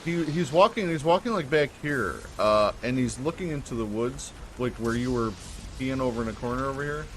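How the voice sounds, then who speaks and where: A man runs a tabletop game, narrating casually with lots of pauses and fillers. His voice sits at an average pitch. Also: slight background noise. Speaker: game master.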